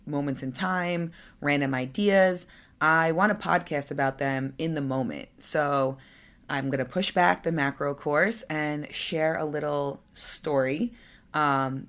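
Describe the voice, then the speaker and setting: Candid young woman hosting a solo podcast. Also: low-pitched. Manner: candid, conversational, full of fillers and asides. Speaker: podcast host.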